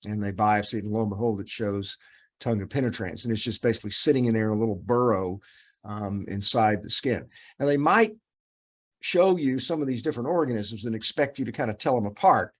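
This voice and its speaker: A man's voice: on the low side, fairly quick. A middle-aged man, a dermatopathologist, reviewing cases with a resident, talking in a loose, rambling way with many fillers and restarts. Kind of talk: case review teaching.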